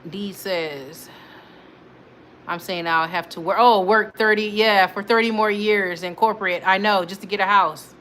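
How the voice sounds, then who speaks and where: A woman's voice: medium pitch, steady tone, unhurried, a bit bright, a little hiss or hum. A young adult woman hosting a casual livestream, chatting, laughing often and reading viewers' comments aloud. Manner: chatty, laughs often, talks back to chat. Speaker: livestream host.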